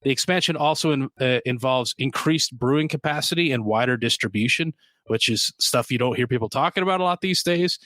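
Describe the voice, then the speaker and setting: A man's voice: medium pitch, fairly quick, a bit bright, dry recording. A man co-hosting a beer podcast, talking casually and rambling with lots of ums and restarts. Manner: rambling, with many fillers and restarts. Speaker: podcast co-host. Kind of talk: casual chat.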